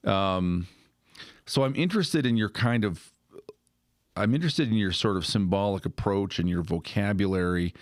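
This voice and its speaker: Low-voiced man musing aloud, dry sound. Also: moderate pace, dry recording. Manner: thinks aloud with restarts, frequent "right?". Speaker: podcast host. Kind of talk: casual conversational discussion.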